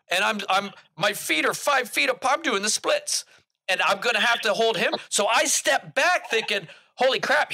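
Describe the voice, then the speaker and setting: A man telling a hunting story about his father on a podcast, laughing as he goes. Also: sits high. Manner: animated, laughing as he tells it.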